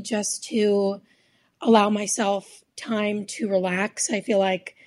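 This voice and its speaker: A raspy-voiced young woman, a musician answering interview questions in an earnest, upbeat way. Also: mid-range voice, darkish tone. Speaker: musician guest.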